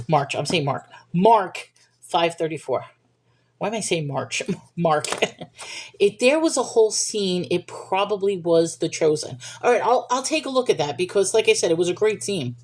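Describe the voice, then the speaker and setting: A woman's voice: lowish voice, expressive, moderate pace, darkish tone, a little hiss or hum. A woman hosting a livestream, talking casually about faith and reading viewer comments, chatty and thinking aloud with restarts and little laughs.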